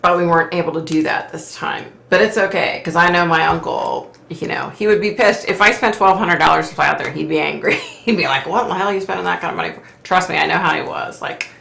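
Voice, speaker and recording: A woman's voice: deep voice, fairly quick, gravelly, hardly any pauses, fairly bright tone, reverberant. A middle-aged woman hosting a psychic livestream, reading viewer comments aloud and answering with sympathy and frequent sighs. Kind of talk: casual live chat reading comments.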